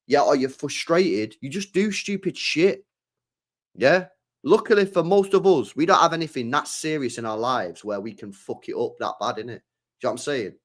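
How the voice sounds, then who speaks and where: A young man, hosting a casual football stream, rambling in slangy, animated asides. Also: a little high. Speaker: football channel host. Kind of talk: casual livestream chat.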